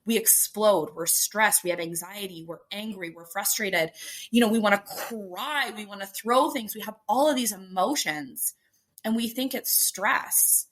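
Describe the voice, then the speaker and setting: A woman's voice: mid-range voice, moderate pace. A woman guest on a podcast, explaining her ideas emphatically and acting out the voices in people's heads. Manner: animated, acts out inner voices, emphatic. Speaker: guest, stress coach. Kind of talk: explaining in an interview.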